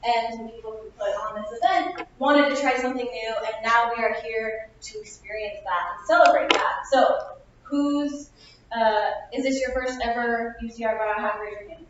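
Young woman opening speaker, high and bright-spirited talk, self-mocking; distant, boomy lo-fi room capture. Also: moderate pace, a little hiss or hum. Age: 20s. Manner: upbeat, chatty, self-mocking. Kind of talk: motivational speech. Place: classroom. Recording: echoey lo-fi room recording from far off.

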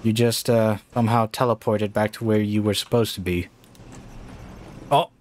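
A man playing a horror game and talking through it casually, with slow, drawn-out remarks that jump to startled shouts and curses. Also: fairly low pitch, flat delivery, slight background noise. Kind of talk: casual let's-play commentary.

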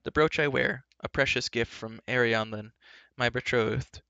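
A man reading aloud and voicing a gentle young male prince and healer who speaks in a calm, solemn way. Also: mid-range voice, measured pace, gravelly, smooth, no echo, highs cut off. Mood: grave.

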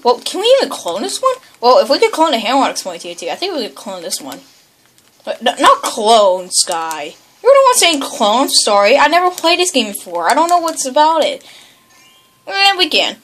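A woman giving excited video game commentary, yelping, groaning and bickering as she plays. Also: high voice, moderate pace. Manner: excitable, yelps and groans, bickers with toy characters. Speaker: gaming channel host.

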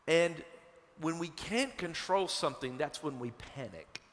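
A man from Kentucky, a pastor, preaching a sermon and telling a personal story in a conversational, animated way. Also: a little high, a little slow. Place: church sanctuary. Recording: long hall reverb from a church sanctuary.

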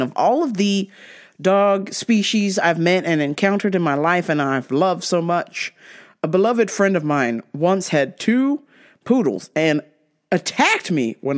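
A woman vlogger telling stories in a casual way, swearing, laughing often and acting out the people in them. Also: fairly low pitch. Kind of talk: casual storytelling.

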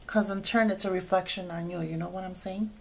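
A woman's voice: lowish voice, steady tone, brisk, darkish tone. A woman hosting a craft tutorial, chatting casually as she explains each sewing step with frequent fillers.

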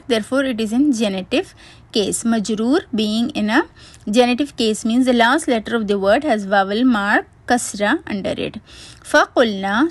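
A woman's voice: fairly high pitch, no echo. A woman teacher reading a word-by-word grammar lesson, methodically spelling out root letters and terms.

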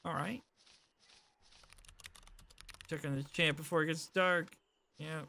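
Bright-voiced playful young gaming streamer. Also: male voice, on the high side, fairly even intonation, takes it slowly, vocal fry, a little hiss or hum. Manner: playful, rambling, sings silly ditties. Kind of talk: casual let's-play commentary.

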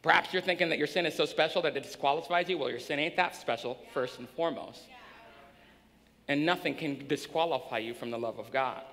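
A male pastor preaching a sermon in a church, swinging between hushed and shouting. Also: a little high, fairly quick, gravelly. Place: church sanctuary. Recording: long hall reverb.

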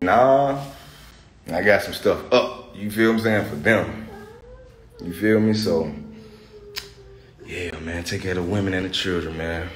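A father who vlogs chats casually at home, his talk relaxed and slangy and sprinkled with "cuz" and "you feel me." His voice is low, a bit slow, and broken by frequent pauses.

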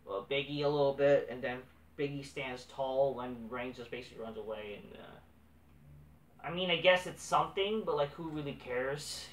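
A man's voice: mid-range voice, pushed and bright, distant mic. A man recapping a wrestling show in a casual, profane, dismissive way, swearing constantly. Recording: echoey room, off-mic.

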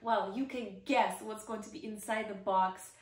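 A woman vlogger telling a personal story to camera in a chatty, excitable way, full of "like" fillers. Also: mid-range voice, moderate pace. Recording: roomy echo.

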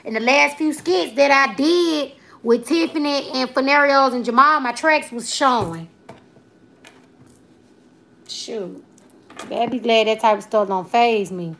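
Her voice a little high, creaky and a bit bright, a woman in her twenties hosts a casual livestream at an unhurried pace, pausing often. The comedian responds playfully to viewer comments in a Southern Alabama accent, scattering in Southern slang.

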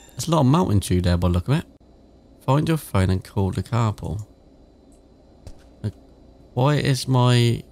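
A man's voice: mid-range voice, vocal fry, mellow, slight background noise. A man with a British accent giving casual, chatty let's-play commentary, swearing freely and reading game text aloud. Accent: British English. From England. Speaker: gaming YouTuber.

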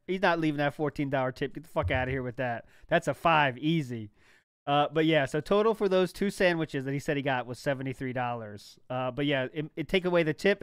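A man's voice: fairly high pitch, clean tone, dry recording, studio quality. Sarcastic laughing male podcast co-host. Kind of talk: casual chat.

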